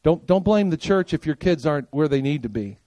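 An older man preaching a sermon as pastor, emphatic, firing rhetorical questions and asking the congregation if they are with him, swinging from loud punchy lines to quiet low ones. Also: expressive, a little fast, dry recording. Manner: emphatic, rhetorical questions and call-and-response checks.

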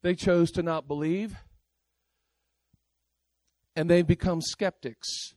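A man preaching a sermon in a high, bright voice. He jumps from loud outbursts to hushed asides and talks to the congregation as if chatting with friends. The sound is dry and close, with no room echo. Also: slow. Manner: animated, swings between loud outbursts and quiet asides; casual, talks straight to the congregation.

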